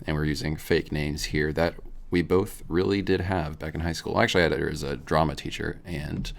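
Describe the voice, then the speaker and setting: A man's voice: extremely low pitch, steady tone, fairly quick, gravelly. A young man co-hosting a casual talk show, rambling and laughing as he tells a story. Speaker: podcast co-host.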